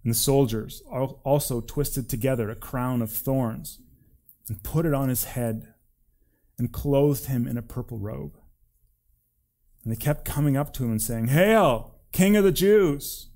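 A man, a preacher, reading scripture aloud in an expressive, deliberate way. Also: mid-range voice.

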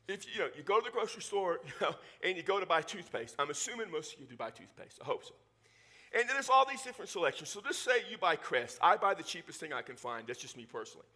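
In a church, a male pastor preaches a sermon in a conversational, animated manner, tossing joking asides to the congregation. His voice sits high.

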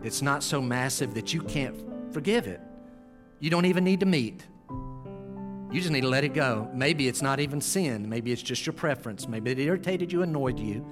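A man preaching a sermon as pastor, earnest and pleading. He climbs to urgent exhortation, then sinks to a hushed, quiet tone as he calls for bowed heads. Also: medium pitch, animated, normal speed, music in the background.

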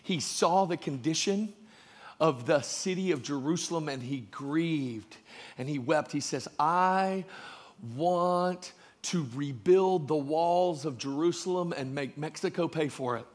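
A man preaching a sermon, joking with the congregation and building from quiet asides to shouted emphasis. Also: fairly high pitch, measured pace. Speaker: pastor.

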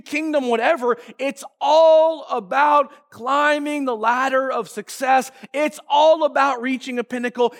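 A male pastor preaching a sermon emphatically, stretching key phrases and rising to shouts. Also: very high-pitched, gravelly.

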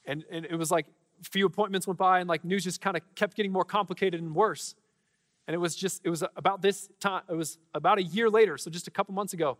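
A man's voice: sits high, fairly even intonation, fast talker, a bit bright, big-room sound, a faint crowd. A young man preaching to his church, casual and fervent, full of fillers and restarts. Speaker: pastor. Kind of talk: sermon with prayer and testimonies. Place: church sanctuary.

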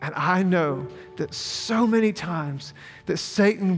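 A man's voice: a little high, lively intonation, slow. Earnest male pastor preaching in a reverberant hall. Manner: earnest preaching with repeated phrases and rising emphasis. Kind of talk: sermon. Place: church sanctuary. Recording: long hall reverb with faint music.

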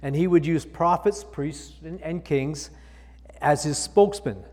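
Pastor with a slightly high voice preaching in a reverberant hall. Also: male voice, unhurried, mellow. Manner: reads scripture aloud, then explains with emphatic repetition. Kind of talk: sermon.

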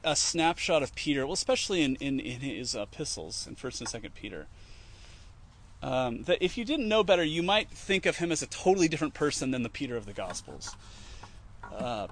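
A man's voice: on the high side, a bit bright, slight background noise. A man giving an informal teaching talk, conversational, with many fillers and restarts, acting out quoted lines as he retells scenes. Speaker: Christian teacher.

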